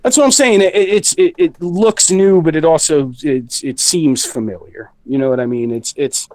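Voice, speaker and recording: A band member, guesting in a casual recording-studio interview, is recovering from the flu and out of breath. His slightly high, darkish voice moves at a moderate pace as he rambles with many fillers and plenty of swearing, captured on a low-quality recording with no echo.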